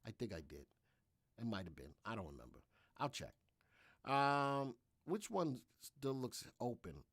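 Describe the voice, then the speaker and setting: A man's voice: medium pitch, animated, measured pace, a bit bright, dry recording, studio quality. A man hosting a live trading room, talking energetically and repetitively through his trades while answering viewers' questions.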